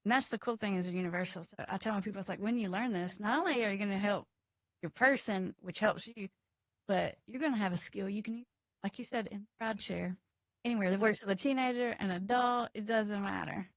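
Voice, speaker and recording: A woman counselor talking as a podcast guest, animated and emphatic, laughing between points. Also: medium pitch, fairly quick, no room sound, highs cut off. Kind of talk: casual interview chat.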